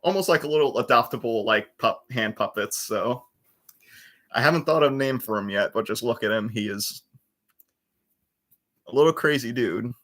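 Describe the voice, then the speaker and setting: A man's voice: mid-range voice, moderate pace, long pauses, fairly bright tone. A man in his twenties hosting a livestream, chatting casually and rambling, with lots of restarts into a computer mic. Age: 20s. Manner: rambling, with restarts and trailing fillers. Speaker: livestream host. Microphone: computer webcam mic.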